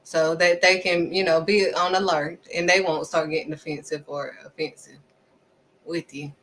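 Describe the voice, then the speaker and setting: A woman giving a casual, faith-driven motivational talk, acting out quick back-and-forth exchanges and repeating pointed questions at the listener. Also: deep voice, a little hiss or hum, poor audio. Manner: animated, acts out little back-and-forth exchanges. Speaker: faith vlogger.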